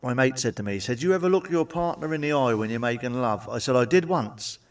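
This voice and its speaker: A man's voice: medium pitch, expressive, fast talker, far from the mic. A man telling blunt, sweary stand-up jokes and tagging them with cheeky questions. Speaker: stand-up comedian. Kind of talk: stand-up joke monologue.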